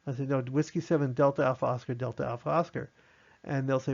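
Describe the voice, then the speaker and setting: A man's voice: mid-range voice, steady tone, fast, vocal fry, highs cut off. A man teaching an online amateur radio class in a conversational way, acting out short radio exchanges as examples.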